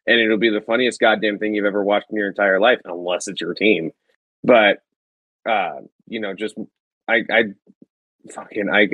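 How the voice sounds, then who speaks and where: A man co-hosting a sports podcast with a somewhat low voice. He talks bluntly and in a laid-back way, with a lot of swearing. The recording is dry and close to the mic. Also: fairly bright tone, dry recording, poor audio. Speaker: podcast co-host. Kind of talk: casual sports chat.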